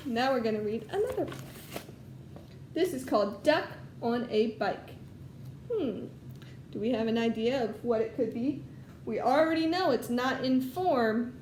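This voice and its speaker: Slow, high-voiced first grade teacher. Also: female voice, animated, a little mellow, roomy sound, slight background noise. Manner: patient, explaining to young children. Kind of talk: recorded lesson with storybook read-aloud.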